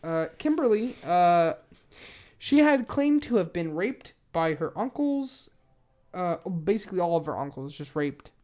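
A woman's voice: fairly low pitch, big pitch swings, a little slow, darkish tone. Profane, rambling young woman podcaster. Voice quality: profane, rambling, laughs often. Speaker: podcast co-host. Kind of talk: casual true-crime chat.

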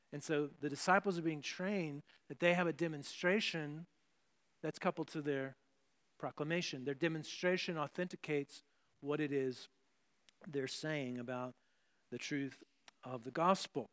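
A man's voice: fairly high pitch, steady tone, measured pace, a bit bright. A man pastor giving a conversational sermon, often restarting phrases and adding asides.

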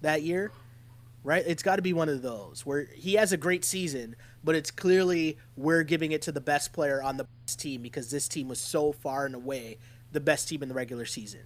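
A man's voice: a little high, moderate pace. A man co-hosting a casual sports podcast, talking animatedly and often checking in with his partner. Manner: animated, keeps checking in with "right?". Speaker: podcast co-host.

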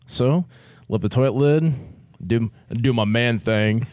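A man's voice: mid-range voice, a little slow, few pauses, a little mellow, dry recording, studio quality. Laid-back man telling a crude story. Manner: laid-back, profane, laughs often through his words. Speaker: military veteran guest telling a story. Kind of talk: casual storytelling on a podcast.

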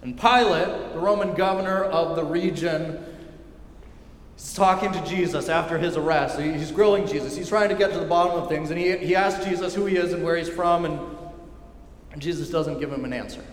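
Emphatic preacher in an echoing hall. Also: male voice, on the high side, a little fast, a little hiss or hum. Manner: emphatic, repetitive, dropping to quiet intensity. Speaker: pastor. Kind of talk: sermon. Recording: echoey hall with long reverb.

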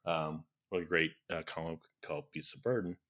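Deep, bright-toned man chatting quickly. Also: fairly even intonation. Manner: quick, giggly, full of "like". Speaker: podcast co-host. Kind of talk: casual film discussion.

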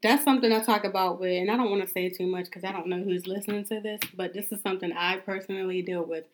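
A woman's voice: mid-range voice, fairly even intonation, quick pace, slight background noise. A woman co-hosting a podcast, talking candidly and with frustration in a casual chat. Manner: candid, frustrated venting, laid back. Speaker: podcast co-host.

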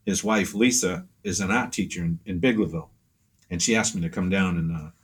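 Give me a deep, husky man chatting in an interview. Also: a little fast. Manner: rambling storyteller, many fillers, acts out quotes. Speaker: pastel artist guest. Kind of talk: casual interview chat.

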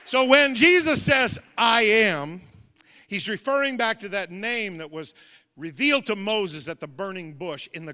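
Male revival pastor, high voice, loud call-and-response preaching in a reverberant sanctuary. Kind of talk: revival sermon. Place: church sanctuary. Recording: reverberant church hall.

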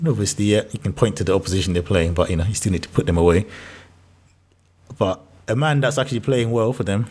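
A man co-hosting a football podcast in casual banter, animated and exasperated, laughing often. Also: fairly low pitch, fast talker, husky. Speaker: podcast co-host.

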